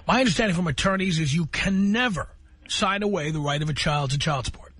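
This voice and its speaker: A man's voice: fairly high pitch, brisk, fairly bright tone, breathy edge, no echo. A man hosting a call-in radio show, talking in a blunt, opinionated, lecturing way. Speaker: radio talk show host.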